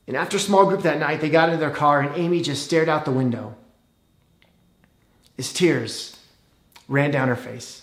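A man's voice: fairly high pitch, normal speed, long pauses, fairly bright tone, reverberant. A man telling a heartfelt story as a pastor giving a sermon, sometimes voicing the people in it.

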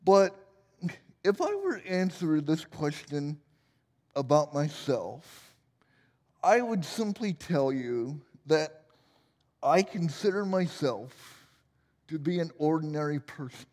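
A man's voice: on the high side, very animated, slow pace, long pauses, a little mellow, big-room sound. A man in his forties preaching a sermon as pastor, playful and joking at his own expense. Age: 40s. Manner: playful, self-deprecating humor.

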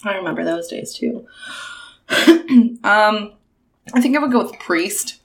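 A woman's voice: mid-range voice, lively intonation, slow pace. A young woman co-hosting a podcast in casual chat, laughing often and swearing freely. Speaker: podcast co-host.

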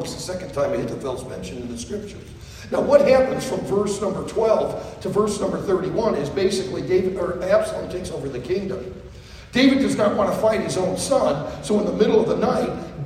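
A man preaching a sermon to college students, telling a story in an animated way and repeating his phrases, recorded in a large echoey hall from far off. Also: sits high, normal speed, slight background noise.

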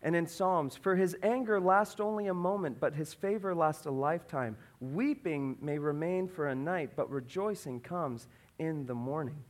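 A man's voice: on the high side, normal speed. A man in his thirties preaching a sermon, telling a family story and acting out the voices in it. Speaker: pastor.

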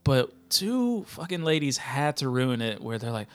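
A man's voice: medium pitch, sing-song, normal speed, smooth. A man co-hosting a podcast, retelling stories in casual chat and mimicking the people in them. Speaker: podcast co-host.

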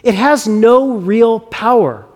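A man's voice: very high-pitched, slow pace, a little mellow, big-room sound. A man preaching a sermon as a pastor, talking conversationally and often restarting and repeating words.

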